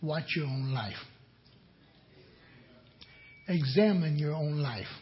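Older pastor preaching with slow emphasis. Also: male voice, a little high, expressive. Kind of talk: sermon. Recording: dull lo-fi audio.

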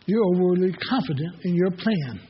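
High-voiced husky preacher man in echoey hall. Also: expressive, normal speed. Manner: folksy storytelling preacher. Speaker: pastor. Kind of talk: sermon. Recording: echoey hall, dull lo-fi sound.

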